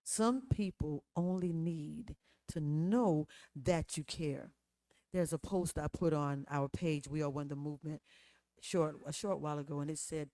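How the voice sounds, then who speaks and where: A woman's voice: deep voice, steady tone, unhurried, warm tone, no room sound. Emphatic woman host with a dry, close voice. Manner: emphatic, preachy, speaking in a declaring cadence. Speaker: podcast host. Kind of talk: podcast interview.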